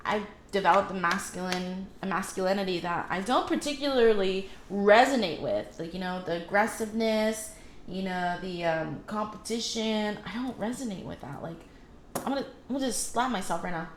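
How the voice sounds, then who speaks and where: A woman's voice: medium pitch, moderate pace, roomy sound, slight background noise. Woman, tarot reader, casual rambling advice, fillers and self-corrections, faint room ambience. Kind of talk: casual spiritual advice monologue.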